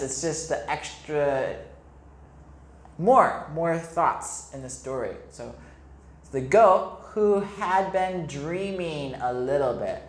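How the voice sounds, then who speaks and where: A man, an English teacher, reads a picture book aloud to young children, explaining words simply and asking them questions. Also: fairly high pitch. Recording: echoey room.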